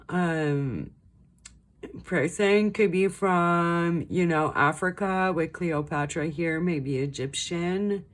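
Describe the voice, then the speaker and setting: A young woman giving a casual pick-a-card tarot reading, rambling and chatty with lots of ums and likes. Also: low voice. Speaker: tarot reader.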